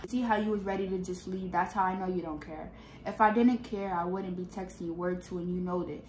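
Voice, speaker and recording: A woman's voice: lowish voice, fairly even intonation, a little fast, darkish tone. Young woman, vlogger, blunt, profane, sassy, casual storytime, roomy echo, faint background noise. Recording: echoey room.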